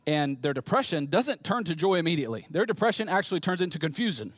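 A man from the US South, preaching a sermon in an emphatic, animated way, often repeating words as he restarts. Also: on the high side, fairly quick, dry recording, studio quality. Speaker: pastor.

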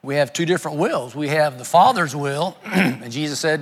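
A man's voice: a little high, expressive, moderate pace, fairly bright tone, slightly rough, long reverb tail. A man preaching a sermon, earnest and often repeating words as he searches for his phrasing. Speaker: guest preacher.

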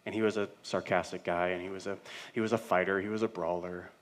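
A middle-aged male pastor preaching a sermon with earnest, building repetition, swinging between loud and hushed passages. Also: deep voice, fairly even intonation, fast. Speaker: senior pastor.

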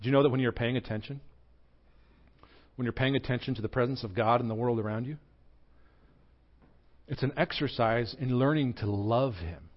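A young adult man with a Southern American accent preaching a sermon, telling a personal story earnestly, with his voice rising and falling in pitch and loudness. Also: moderate pace, pauses often, lo-fi sound. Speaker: pastor.

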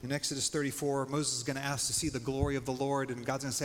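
A man's voice: medium pitch, flat delivery, fast. A male pastor preaching a sermon in a casual, conversational way, dropping "like" often. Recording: long hall reverb, faint noise.

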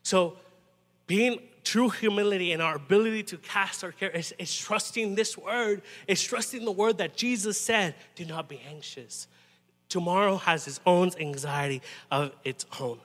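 A man preaching a sermon in a conversational, halting way, often restarting and adding "you know". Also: high voice, fairly bright tone, in a large hall. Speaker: pastor.

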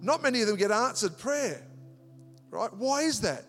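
A man from Australia preaching a sermon as pastor, animated, repeating words and acting out little dialogues. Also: high-pitched, moderate pace. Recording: long hall reverb with music behind.

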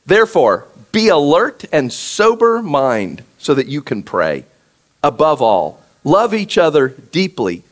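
Man, pastor, conversational sermon, high voice, very lively pitch, addresses the congregation directly. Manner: animated, talks directly to the congregation. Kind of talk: conversational sermon with scripture reading.

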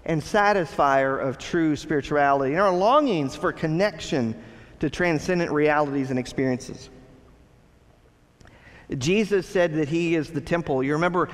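A man's voice: fairly high pitch, moderate pace, in a large hall. A man preaching a sermon as pastor, earnest and addressing the congregation with rhetorical questions.

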